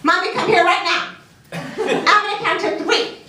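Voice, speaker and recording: A woman's voice: very high voice, fairly even intonation, normal speed, sharp tone, voice pushed up. Woman doing a bossy little boy. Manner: bossy, demanding. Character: bossy little boy, five years old. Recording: echoey room, distant mic, noisy.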